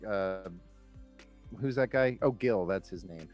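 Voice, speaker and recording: A man's voice: sits low, slow, darkish tone, soft background music. A man co-hosting a casual online chat show, playful and teasing. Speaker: co-host.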